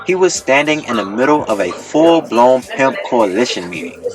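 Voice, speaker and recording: A man narrating a comedy audiobook with deadpan comic timing on a close mic. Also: mid-range voice, moderate pace, music in the background.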